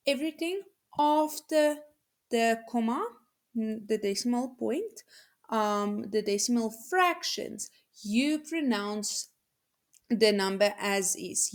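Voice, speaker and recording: In a recorded video lesson, a woman teacher explains things step by step, patiently repeating numbers slowly for her students. Her voice is fairly high in pitch.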